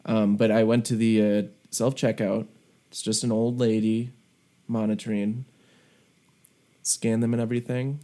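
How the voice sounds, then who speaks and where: Male podcast co-host, low-ish voice, casual anecdotal delivery. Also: flat delivery, unhurried, long pauses, dark tone. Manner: chatty anecdotal storytelling. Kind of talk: casual chat. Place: recording remotely on his own end.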